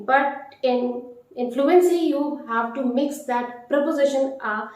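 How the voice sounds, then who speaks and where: A woman teaching a vocabulary lesson, repeating each word slowly and deliberately. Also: high-pitched, fairly even intonation, a little mellow. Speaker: French teacher. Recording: very echoey room.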